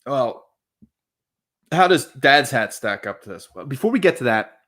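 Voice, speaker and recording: A man's voice: medium pitch, very animated, moderate pace, a bit bright. A man with an eastern Pennsylvania accent, co-hosting a casual whiskey chat, easygoing and agreeable. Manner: easygoing, agreeable, calls his friend buddy. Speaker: co-host.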